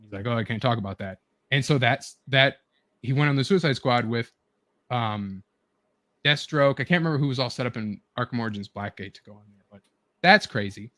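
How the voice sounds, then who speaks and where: A man of middle pitch chats with friends in a loose, rambling way, stacking fillers and false starts as he piles on details. His voice sits close to the mic with a dry, roomless sound. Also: fairly bright tone, no echo. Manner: rambling, filler-heavy, eager retelling. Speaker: show host. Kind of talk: casual chat with friends.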